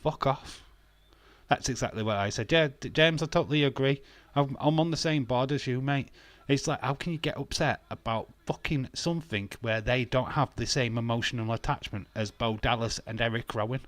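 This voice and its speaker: A man's voice: medium pitch, brisk, hardly any pauses, fairly bright tone, dry recording. A man hosting a wrestling watch-along stream, ranting bluntly in casual talk, swearing freely and laughing often.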